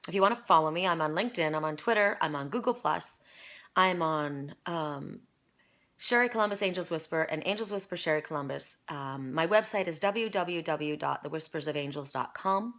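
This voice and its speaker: A woman's voice: low voice, moderate pace, a bit bright. A middle-aged woman reads oracle cards for her viewers. She speaks with open emotion and earnest conviction, and she stumbles and restarts her phrases as she goes. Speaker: oracle card reader. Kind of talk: spiritual card reading video.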